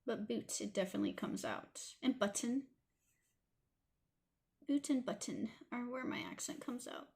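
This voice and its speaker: Canadian woman, Toronto accent, slightly high voice, chatty art-tutorial host talking while she draws. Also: sing-song, normal speed, long pauses, darkish tone. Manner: chatty, apologetic asides while working. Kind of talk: casual drawing tutorial narration.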